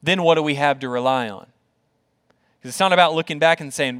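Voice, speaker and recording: Brisk and smooth, with a slightly high pitch, this pastor delivers his sermon in an earnest, conversational style, repeating words, asking rhetorical questions, and going soft and quiet for tender points.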